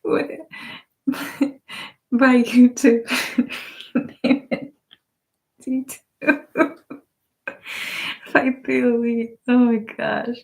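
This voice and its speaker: A woman hosting an ASMR live stream on binaural microphones, reading viewer comments aloud in a soft-spoken way while stifling giggles. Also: on the high side, level tone, extremely slow, creaky, pauses often. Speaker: ASMR channel host.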